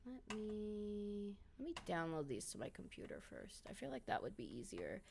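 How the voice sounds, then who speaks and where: A woman streamer chatting casually and swearing often, muttering to herself between excited bursts. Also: medium pitch, normal speed, gravelly, slight background noise. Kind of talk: casual vlog chat while sorting photos.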